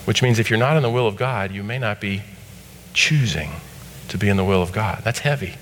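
A middle-aged pastor preaches from a church sanctuary pulpit in a bright, forward, lowish voice, a little fast, relaxed in the asides and forceful on the emphatic scripture quotes. His conversational preaching carries a long hall reverb after each phrase, with slight background noise.

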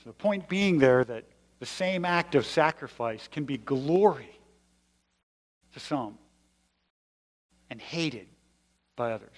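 A man's voice: a little high, expressive, takes it slowly, pauses often. Man preaching in a reverberant hall. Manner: conversational, explanatory, emphatic. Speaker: pastor. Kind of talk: sermon.

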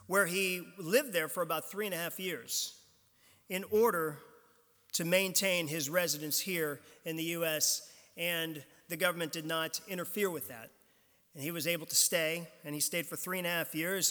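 Bright-voiced male pastor in a reverberant church. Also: sits high. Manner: conversational, informal preaching. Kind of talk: sermon. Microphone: pulpit mic. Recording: long hall reverb from the church.

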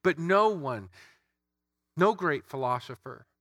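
A man's voice: fairly high pitch, animated, takes it slowly, fairly bright tone, no room sound, studio quality. A man preaching an Easter sermon, emphatic, building through repeated phrases.

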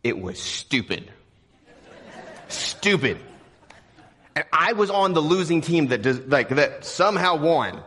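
A man's voice: medium pitch, pushed and bright, husky. Young guy pastor from texas, preaching but super casual and jokey. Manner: joking, conversational preaching. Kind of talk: sermon.

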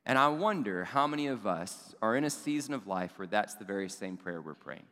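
A man's voice: on the low side, expressive, brisk, hardly any pauses, bright, forceful tone. A man preaching a sermon as a pastor, earnest and building with emphasis, often posing rhetorical questions. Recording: long reverb of a large hall.

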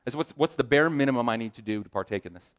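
Man, sermon testimony, lively storyteller, mid-pitched voice. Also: racing. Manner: animated storyteller, acts out quoted voices. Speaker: aspiring chaplain giving a testimony.

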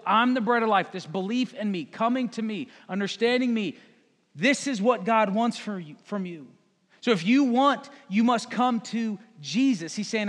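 A man preaching a sermon in a casual, conversational way, acting out the crowd and Jesus in quick asides. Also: high voice, fairly bright tone. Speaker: pastor. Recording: long hall reverb.

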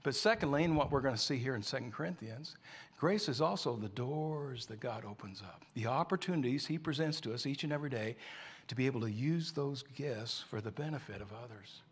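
A man's voice: medium pitch, expressive, fairly quick, slightly rough. A man preaching a sermon, telling a story in a conversational way.

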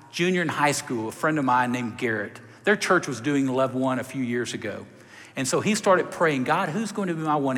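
A man preaching a sermon, telling a story with lively, direct appeals to the congregation. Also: fairly high pitch. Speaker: pastor. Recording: reverberant hall.

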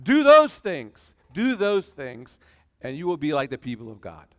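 A man preaching a sermon in a church, swinging between loud emphatic passages and quiet conversational asides. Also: mid-range voice, very animated, normal speed, big-room sound. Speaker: pastor.

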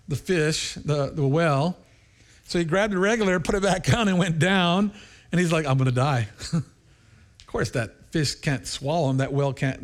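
A man preaching a sermon as a pastor, telling stories with lively energy, laughing often and jumping higher when acting out voices.

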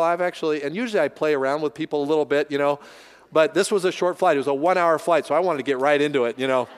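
A man's voice: a little high, clear, resonant tone, long reverb tail. A man from the United States preaching a sermon as a pastor, earnest and building to emphatic repetition.

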